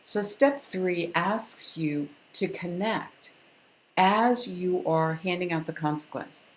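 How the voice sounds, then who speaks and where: An older woman, a longtime parenting educator, giving a calm, firm and instructive lesson to camera with deliberate pauses. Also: fairly low pitch, roomy sound, a little hiss or hum.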